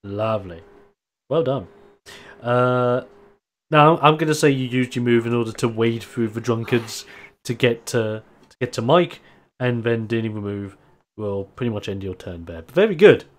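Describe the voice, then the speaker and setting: A man's voice: mid-range voice, moderate pace. Laughing tabletop game master man. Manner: casual, laughing narration.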